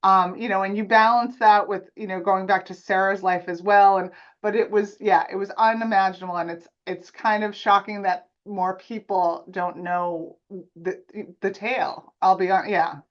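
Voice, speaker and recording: A woman's voice: mid-range voice, steady tone, normal speed, dull audio. A woman hosting a podcast interview, speaking with heartfelt earnestness in casual chat. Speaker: podcast host.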